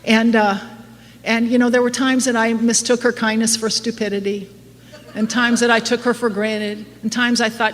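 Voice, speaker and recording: Speaking at a moderate pace in a level, somewhat high voice, a middle-aged woman gives a frank recovery talk at AA, full of self-mockery and frequent laughter. The live meeting hall recording has long reverb and faint noise.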